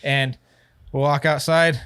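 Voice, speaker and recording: A man's voice: fairly high pitch, slow pace, clean tone. Man telling a story casually, swearing a lot. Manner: profane, filler-heavy, animated retelling. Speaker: podcast co-host. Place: studio.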